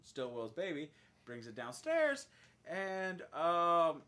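Animated man retelling a show. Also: slow. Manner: animated storytelling, acts out lines with big pitch jumps. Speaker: podcast host. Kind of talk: casual chat recapping a show.

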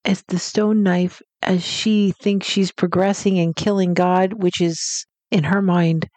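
A woman's voice: fairly low pitch, flat delivery, measured pace, a little mellow, no room sound. A woman co-hosting a faith podcast, reading a children's novel aloud and reflecting on it in casual conversation. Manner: reads passages aloud, then reflects. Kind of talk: casual discussion and book reading.

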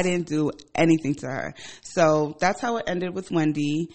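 A woman in her forties, a radio show host, telling a personal story in a casual, animated and profane way. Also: moderate pace, hardly any pauses. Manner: animated and profane, with emphatic swings in pitch and loudness.

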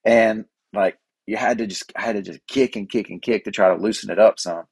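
A man's voice: fairly low pitch, steady tone, fairly quick, creaky, darkish tone, breathy edge, no room sound. A man telling a rambling, laid-back story as a podcast host, chatty with fillers and restarts. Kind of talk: casual storytelling monologue.

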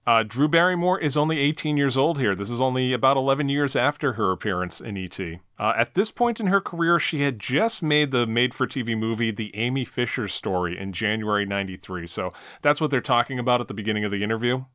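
A man hosts a casual podcast, chatting through a show episode with easy fillers. His voice sits at a middling pitch and sounds close and dry. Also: fast talker, hardly any pauses, dry recording. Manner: relaxed, chatty, frequent fillers. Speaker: podcast host. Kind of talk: casual commentary on an old talk show.

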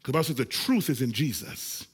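A man in his forties preaching a lively sermon, calling on the congregation to shout responses. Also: medium pitch, quick pace, slightly rough, long reverb tail. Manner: animated, calls for congregation responses. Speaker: pastor.

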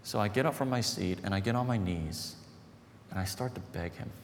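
A pastor with a fairly quick, low-leaning voice tells a story in his sermon, earnest and conversational, building up to emphatic points. The recording has a long hall reverb and faint background noise.

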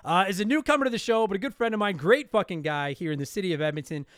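High, smooth-voiced excitable man. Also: racing, dry recording, clean studio sound. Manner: excitable, swears freely. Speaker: podcast host. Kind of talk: casual podcast chat.

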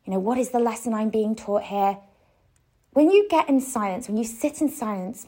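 A woman in her thirties hosting a solo coaching podcast, talking gently and reflectively, with soft laughs and frequent "you know". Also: on the high side. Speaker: podcast host and business coach.

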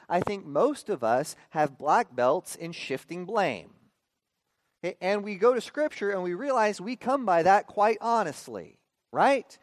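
A man in his thirties preaching a sermon as a pastor, often checking in with the listeners with quick rhetorical "okay?" and "right?". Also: high voice, no echo, studio quality.

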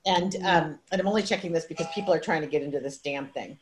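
A woman in her fifties with a somewhat low voice, speaking casually into a video call microphone. She tells her story in an emotional, meandering way, stumbling over restarts and side remarks. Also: quick pace, slight background noise. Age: 50s. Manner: rambling, emotional, full of restarts and asides. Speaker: livestream host.

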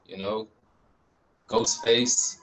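A man's voice: fairly low pitch, fairly even intonation, drawn-out words, a bit bright, rough recording. A man talking casually as a guest, rambling with many fillers and restarts. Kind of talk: casual chat.

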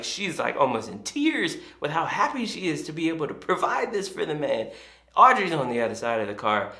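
A man's voice: medium pitch, pushed and bright. A male pastor giving a sermon in a conversational, storytelling way. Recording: echoey room.

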